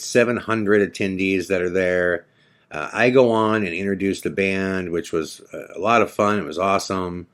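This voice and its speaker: Low-voiced male podcast host, casual rambling storyteller. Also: fairly bright tone. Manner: loose, rambling, heavy on fillers like "you know".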